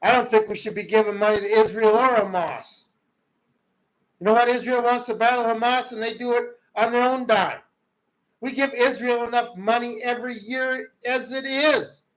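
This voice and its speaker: A man hosting a livestream, ranting about politics in a heated way, swinging from loud outbursts to low muttering. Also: steady tone, moderate pace, rough recording. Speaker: livestream host. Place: rural home.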